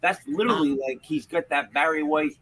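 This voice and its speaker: A man's voice: a little high, fairly quick, fairly bright tone, rough recording. A man hosting a podcast in a rambling, joking manner, full of restarts. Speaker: podcast host. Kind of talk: casual podcast chat.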